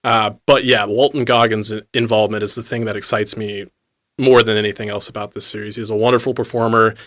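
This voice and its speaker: A man's voice: on the low side, fairly bright tone. A man co-hosting an entertainment news show, talking casually with lots of fillers and restarts. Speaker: co-host.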